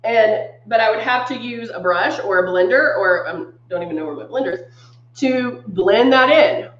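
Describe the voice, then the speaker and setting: A woman's voice: fairly high pitch, normal speed, echoey room, dull audio. A woman hosting a live makeup demonstration, chatting upbeat with viewers and greeting them by name, a little congested. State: congested from sinus trouble. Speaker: makeup brand live-stream host.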